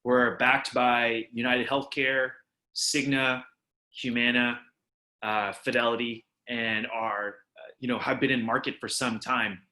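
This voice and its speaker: A man in his thirties, a company founder, explaining his product quickly and fluently in a video call interview with frequent restarts. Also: mid-range voice, little pitch movement, sharp tone, roomy sound. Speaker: startup founder and CEO.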